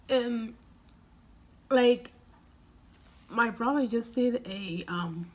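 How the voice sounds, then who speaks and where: Slow-talking young woman, teary and rambling. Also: a little high. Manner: tearful, rambling, with laughs and sighs. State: has been crying. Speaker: vlogger. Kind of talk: casual emotional vlog.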